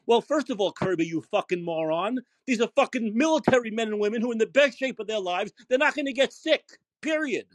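A man's voice: sits high, animated, fairly quick, hardly any pauses, dry recording. A man hosting a call-in podcast, ranting angrily and swearing heavily. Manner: profane, ranting, emphatic. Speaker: podcast host. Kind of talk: angry call-in show rant.

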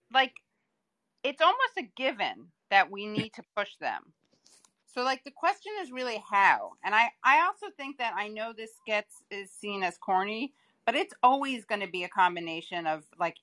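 Bright-voiced woman guest, earnest. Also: a little high, no echo. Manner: earnest, hedging, many fillers. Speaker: podcast guest. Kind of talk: casual political chat.

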